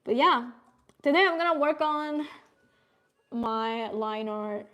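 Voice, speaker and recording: A young artist streams from home, chatting casually with viewers while she draws and often laughing and swearing. Her voice is on the high side, slow, bright, and forceful.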